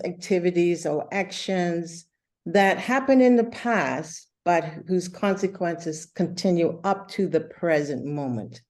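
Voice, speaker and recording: A woman teaching an English lesson over a video call, explaining slowly and patiently with many fillers. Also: on the low side, darkish tone.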